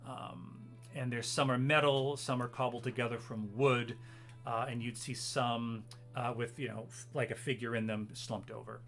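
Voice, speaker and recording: A man's voice: mid-range voice, fairly even intonation, normal speed, creaky, a bit bright, faint music behind. A man narrating as game master of a tabletop game, hesitant and full of fillers. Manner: hesitant, full of ums and uhs.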